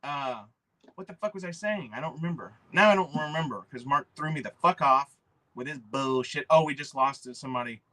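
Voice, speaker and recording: A man with a drawl chats loosely to his livestream audience, swearing freely and reacting to comments as they come in. His voice sits a little high and rings bright and forward. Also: brisk. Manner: rambling, profane, reads chat aloud. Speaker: livestream host. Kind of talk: casual livestream chat.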